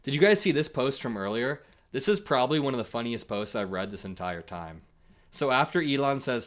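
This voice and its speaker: A man hosting a livestream, reacting to clips and posts in an energetic, joking way and laughing often. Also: mid-range voice, normal speed. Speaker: political commentary streamer.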